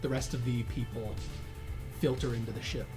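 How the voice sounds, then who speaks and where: A man's voice: mid-range voice, steady tone, normal speed, warm tone, faint music behind. Laughing male game master narrating. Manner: loose, laughing narration with fillers.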